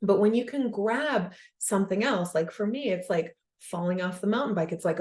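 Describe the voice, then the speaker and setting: A woman's voice: medium pitch, normal speed, few pauses. Chatty woman giving a self-help talk. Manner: animated and conversational, heavy use of "like". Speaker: podcast host.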